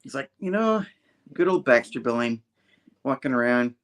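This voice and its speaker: Man, comic review chat, conversational, acts out lines now and then, mid-pitched. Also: animated, normal speed. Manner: retells scenes, voicing characters in bursts.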